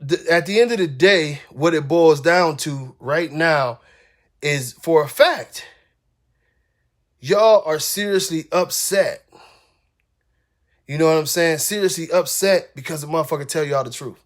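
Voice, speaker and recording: Man ranting live on stream, high-pitched, blunt, profane, repeats himself. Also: unhurried, pauses often. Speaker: dog breeder ranting on a livestream. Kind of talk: heated livestream rant.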